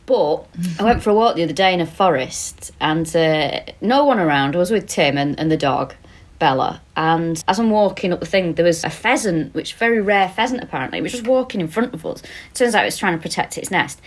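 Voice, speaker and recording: A woman's voice: lowish voice, lively intonation, brisk. Manchester woman cohosting a podcast, chatty, sweary storyteller, remote call. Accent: Mancunian. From England. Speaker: podcast co-host. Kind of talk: casual comedic chat. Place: countryside home, recording remotely.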